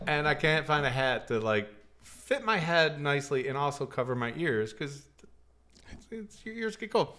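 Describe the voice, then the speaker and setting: A man's voice: on the high side, big pitch swings, normal speed, sharp tone. A man co-hosting a podcast in casual chat, telling stories with plenty of laughter and swearing. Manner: laughing, profane storyteller. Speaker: podcast co-host.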